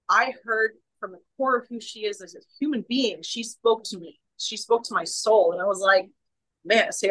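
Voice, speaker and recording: A woman's voice: mid-range voice, pushed and bright, rough recording. A woman, a guest in a casual interview, talking with emphatic passion and often restarting her sentences. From Canada.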